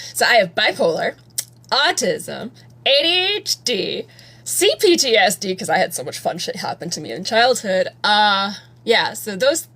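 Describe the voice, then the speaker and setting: A woman in her thirties talks loosely to viewers on a live stream as she does her makeup at home. Her speech is candid and rambling, full of restarts and casual swearing. Her pitch sits in the middle range. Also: a bit bright. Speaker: livestreamer.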